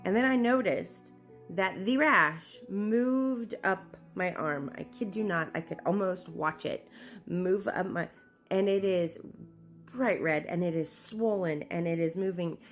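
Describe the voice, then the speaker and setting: A woman telling a personal story in a candid, animated way, acting out what people said. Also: lowish voice, a little slow, soft background music. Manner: candid, animated, acts out quoted speech. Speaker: memoir narrator.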